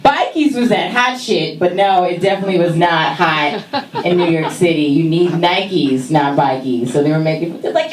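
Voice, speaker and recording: A woman telling a funny story on stage, laughing and acting out voices with big jumps in pitch. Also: moderate pace, echoey room, far from the mic, crowd noise, poor audio. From California. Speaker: stand-up comic telling a story. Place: stage in a small venue.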